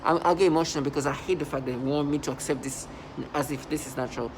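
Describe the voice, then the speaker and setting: A man's voice: on the high side, steady tone, noisy background. Agitated man ranting in a vlog. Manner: agitated, with sudden loud outbursts; halting, many restarts and fillers. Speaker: vlogger. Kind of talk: rambling vlog monologue.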